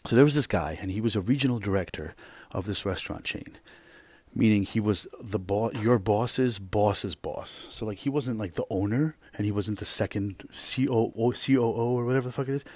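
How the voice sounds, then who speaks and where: A man hosting a podcast, telling a rambling, profane workplace story in a casual, animated way. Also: on the low side, normal speed, slightly rough, no echo. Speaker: podcast host.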